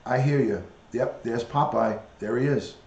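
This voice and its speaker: A man's voice: mid-range voice, a little slow, creaky, darkish tone, dull audio. Chatty man live-streaming, echoey room. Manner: chatty, talks to viewers and coaxes his parrot. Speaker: live-stream host with a parrot. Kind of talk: casual live-stream chat.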